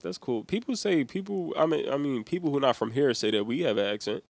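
A man's voice: mid-range voice, lively intonation, fast, vocal fry, a little mellow, dry recording. A young man with a Philadelphia accent co-hosting a podcast in laid-back, slangy, joking chat. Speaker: podcast co-host. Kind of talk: casual chat.

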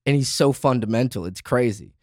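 A man's voice: mid-range voice, fairly quick, a little mellow, dry recording, studio quality. A young man hosting a podcast, chatting casually and animatedly with a friend, laughing often and using lots of fillers. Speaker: podcast host. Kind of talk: casual chat.

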